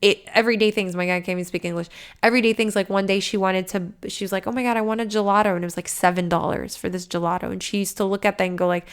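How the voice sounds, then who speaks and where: A woman hosting a podcast, delivering a casual, animated motivational rant with frequent swearing, jumping between loud bursts and hushed asides. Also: medium pitch, rapid-fire, clear, resonant tone. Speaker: podcast host.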